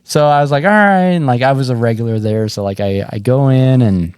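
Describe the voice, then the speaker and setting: A man's voice: mid-range voice, fairly quick, smooth, dry recording, studio quality. A man hosting a podcast, a comedian telling a story casually and acting out the voices in it. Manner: animated, acts out voices in his stories.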